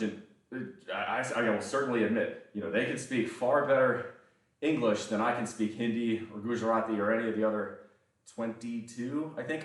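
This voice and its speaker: Guy rambling on his stream, swears a lot, laughs easy, sounds far off in a really echoey room. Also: on the low side. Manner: rambling, profane, quick to laugh. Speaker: livestreamer. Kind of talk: casual livestream chat.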